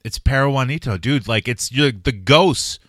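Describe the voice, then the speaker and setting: A man's voice: medium pitch, moderate pace, background noise. A man hosting a podcast, teasing his co-host with profane jokes in casual chat.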